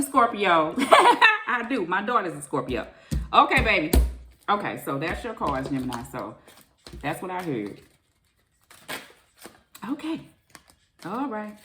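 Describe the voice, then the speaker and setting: A woman's voice: low-pitched, background noise. A middle-aged woman, doing a chatty casual tarot reading and calling her viewers baby and honey. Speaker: tarot reader.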